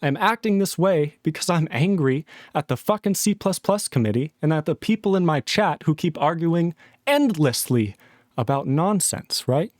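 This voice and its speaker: Male streamer, heated and profane, ranting at chat, slightly high voice, dry close mic. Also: lively intonation, moderate pace, darkish tone, no echo. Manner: angry, profane, arguing with chat. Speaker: livestream host.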